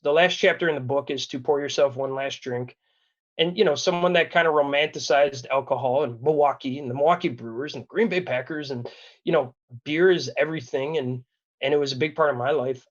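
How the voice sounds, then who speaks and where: Guesting on a podcast, a thirty-something man from Wisconsin, USA, shares a personal story earnestly and candidly, rambling and often starting over. He has a mid-range voice, and the audio sounds dull.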